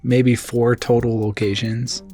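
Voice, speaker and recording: A man's voice: medium pitch, little pitch movement, unhurried, dark tone. A man in casual chat as a co-reviewer, blunt and critical, with light music behind. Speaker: movie reviewer.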